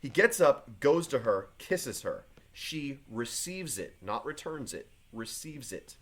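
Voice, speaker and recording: Man reading stage directions with a varied pitch. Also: big pitch swings, slow pace. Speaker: teacher.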